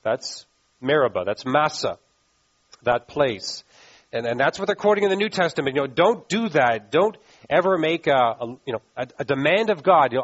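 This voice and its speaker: A man's voice: on the high side, big pitch swings, moderate pace, breathy edge, lo-fi sound. A pastor giving a conversational sermon, asking his listeners questions. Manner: conversational preaching with rhetorical questions.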